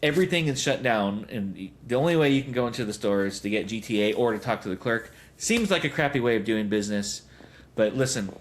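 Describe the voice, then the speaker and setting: Man in his 30s, podcast host, lowish voice, meandering anecdotes with lots of ums and laughs. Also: animated, brisk. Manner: rambling storytelling with many fillers and chuckles. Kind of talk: casual podcast chat.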